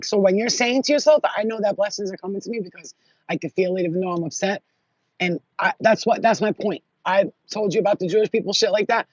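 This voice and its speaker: A woman's voice: medium pitch, a little mellow, no room sound. A woman vlogger talking in a blunt, profane, rambling casual monologue. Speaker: spiritual vlogger. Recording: dull lo-fi audio.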